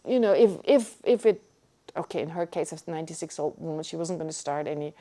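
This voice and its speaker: A middle-aged woman from Germany, giving a Buddhist teaching and telling a personal story in an animated way with frequent restarts. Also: fairly low pitch, moderate pace. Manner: animated, restarts often, acts out her own shock.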